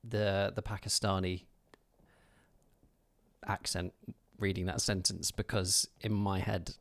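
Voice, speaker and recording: This streamer speaks slowly in a low, level, slightly bright voice through his streaming mic. While playing live, he banters with viewers, teasing and thanking them in a relaxed, talkative manner.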